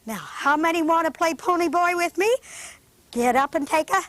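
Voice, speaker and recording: A woman hosting a children's show, talking to a group of young kids in a studio in a gentle, patient, sing-song teacherly way. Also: very high voice, moderate pace, no room sound.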